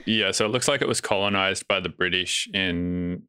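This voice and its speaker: A man's voice: deep voice, normal speed, bright, forceful tone, smooth, no room sound, clean studio sound. A man with an Australian accent chatting casually as a podcast guest, laid-back and swearing freely. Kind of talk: casual chat.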